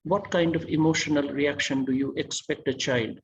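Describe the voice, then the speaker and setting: A man's voice: fairly high pitch, steady tone, normal speed, highs cut off, a little hiss or hum. A man giving an online masterclass lecture, quizzing his audience and praising their answers.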